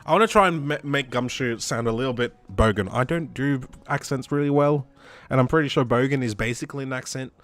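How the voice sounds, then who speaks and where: A man's voice: medium pitch, brisk, fairly bright tone, dry recording, faint music behind. A man streaming a game, making casual, joking asides. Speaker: gaming streamer. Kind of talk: let's play commentary.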